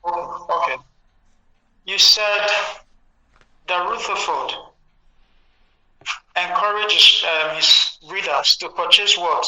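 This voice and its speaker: A man's voice: sits high, slow, pauses often, sharp tone, echoey room, a little hiss or hum, low-quality recording. A man with a Nigerian accent answering a caller, asking probing skeptical questions with frequent stumbling restarts. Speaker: Jehovah's Witness answering a call.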